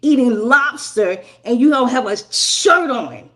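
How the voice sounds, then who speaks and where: A woman talking in a casual group stream chat, pressing her point with repeated restarts. Her voice sits a little high. She sounds emphatic and confronting. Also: expressive, measured pace, sharp tone. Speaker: poet in a battle league.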